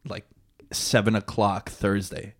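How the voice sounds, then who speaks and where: A man telling a long travel story in a casual chat, slow and drawn out, with many restarts. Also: fairly low pitch, little pitch movement, breathy edge.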